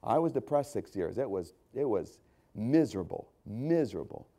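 A man preaching a sermon as a pastor, swinging between loud, emphatic repetition and quiet, conversational asides. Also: on the low side, very animated, moderate pace. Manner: repeats phrases for emphasis.

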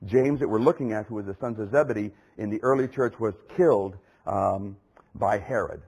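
A man's voice: lowish voice, moderate pace, darkish tone, breathy edge, poor audio. A man preaching a sermon with impassioned, emphatic repetition.

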